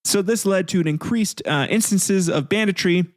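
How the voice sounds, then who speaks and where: A man's voice: high-pitched, moderate pace, dry recording, studio quality. A man hosting a podcast, narrating history with irreverent, profane comic asides. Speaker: podcast host.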